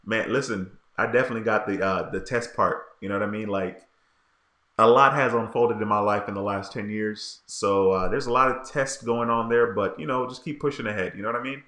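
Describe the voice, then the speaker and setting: A man's voice: lowish voice, fairly quick, sharp tone. Laid-back man, echoey room. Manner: laid-back, frustrated, slangy. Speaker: livestream host reading viewer comments. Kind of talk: casual livestream chat.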